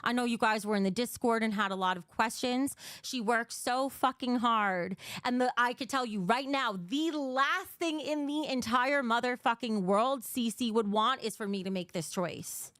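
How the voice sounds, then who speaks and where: Brief: young woman streamer, fairly high smooth voice, blunt and emotional, reads and answers chat live, swears a lot. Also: moderate pace, few pauses, a bit bright, dry recording, clean studio sound. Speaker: livestream host. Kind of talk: casual livestream chat.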